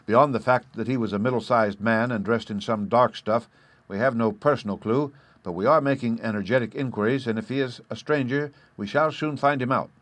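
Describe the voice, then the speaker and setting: A man's voice: medium pitch, brisk, no room sound, natural voice. A man voicing a keen young police inspector who reports details in a polite, businesslike way, in an audiobook reading.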